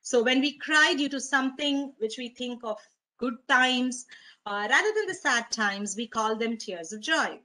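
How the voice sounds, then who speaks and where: A woman giving a gently instructive wellness talk as a webinar presenter. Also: a little high, expressive, unhurried, poor audio.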